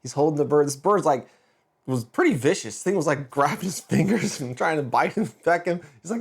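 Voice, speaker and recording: A man's voice: fairly high pitch, creaky, slightly rough. Middle-aged man telling a casual story. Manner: conversational, with quick restarts and lively emphasis. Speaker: podcast host.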